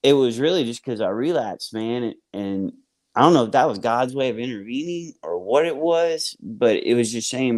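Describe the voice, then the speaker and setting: A man's voice: mid-range voice, expressive, moderate pace. A man with a Southern US accent telling his recovery story casually, rambling with lots of fillers like "man". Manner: rambling, filler-heavy, says "man" and "y'all". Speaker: guest sharing recovery story.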